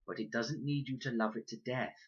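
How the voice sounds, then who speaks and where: A man's voice: medium pitch, steady tone, brisk, breathy edge, dull audio, pitched above the performer's own voice, close to an everyday voice. A man voicing a fierce, protective girl who bosses her little brother around in a stern, commanding voice. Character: fierce protective older girl, bossy sister.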